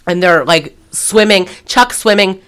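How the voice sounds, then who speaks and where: Her voice sits mid-range and her pace is measured. As a podcast co-host, she walks through a movie's plot in relaxed conversation, animatedly voicing the characters' dialogue along the way.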